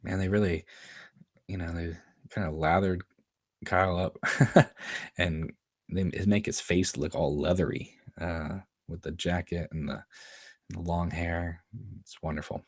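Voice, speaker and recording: A man with a very deep voice talks casually as he comments on an episode, laughing often and repeating lines he hears on screen. The sound is close and dry, with no room echo. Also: fairly even intonation, a little slow, long pauses. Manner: chatty, laughs often, quotes lines from the scene. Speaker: show host commenting on an episode.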